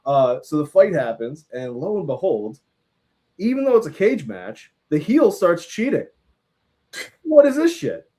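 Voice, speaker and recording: A man's voice: fairly high pitch, very animated, normal speed, dark tone. A man co-hosting a casual film review, animatedly retelling scenes and laughing along the way.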